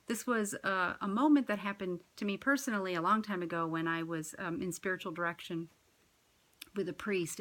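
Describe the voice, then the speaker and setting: A woman working in parish ministry delivers a reflective spiritual talk. Her mid-range voice is earnest and measured, with gentle emphasis.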